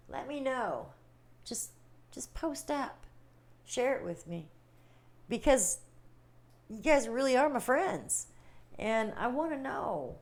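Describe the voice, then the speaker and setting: A woman hosting a casual livestream, chatting warmly with viewers, reading their comments and laughing often. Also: sits high, expressive, takes it slowly, long pauses. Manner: chatty, giggly, reading chat aloud. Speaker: livestream host.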